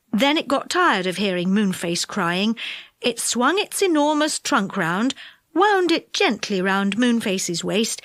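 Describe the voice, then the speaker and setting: A woman narrating a children's audiobook in an expressive, unhurried way. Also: on the high side, no room sound, clean studio sound.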